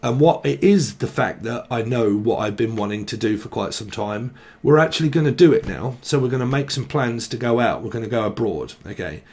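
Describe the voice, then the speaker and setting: A man's voice: mid-range voice, animated, brisk, a little mellow, husky. A man giving a casual tarot reading in a loose, playful way, joking and wandering off on tangents. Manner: playful, jokey, slips into silly regional voices and laughs often. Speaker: tarot reader.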